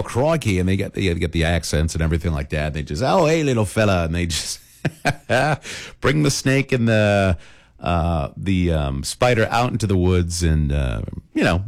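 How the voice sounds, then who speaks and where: Gravelly, lively male radio host. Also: sits low. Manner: chatty storytelling with laughs and fillers. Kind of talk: casual radio chat.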